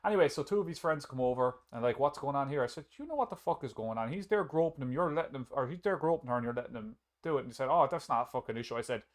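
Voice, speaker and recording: A man's voice: medium pitch, racing, few pauses. Blunt, cursing young man telling stories. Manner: blunt, swears a lot, animated. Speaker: podcast co-host. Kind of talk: casual chat, storytelling.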